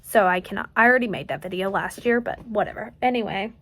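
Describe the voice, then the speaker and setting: A woman's voice: mid-range voice, lively intonation, fast, fairly bright tone, slight background noise. An eighteen-year-old woman with a light Southern US country accent, rambling and joking through a casual late-night crochet vlog at home. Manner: rambling, chatty, self-joking. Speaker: crochet vlogger.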